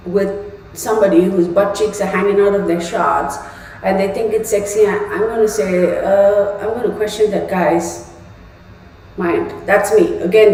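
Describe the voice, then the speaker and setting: A woman's voice: medium pitch, a little mellow. A middle-aged woman hosting a tarot live stream, chatting casually and ranting through a story with frequent laughs. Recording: echoey room, voice from far off the mic.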